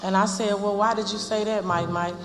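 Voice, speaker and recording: A woman, a mother, softly and earnestly recounting memories of her son. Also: mid-range voice, fairly even intonation, a little fast. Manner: soft, earnest storytelling. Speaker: grieving mother. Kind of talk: personal testimony. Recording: echoey hall with loud noise.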